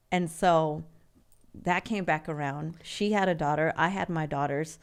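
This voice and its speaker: A woman's voice: low voice, steady tone, smooth. A woman in her forties from California, a podcast guest telling her life story in a candid, earnest way. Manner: earnest and open, with halting restarts.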